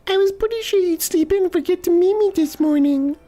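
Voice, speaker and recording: A man voicing a bright, eager young girl in a breathy falsetto while reading game dialogue aloud. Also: brisk, faint music behind. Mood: cheerful.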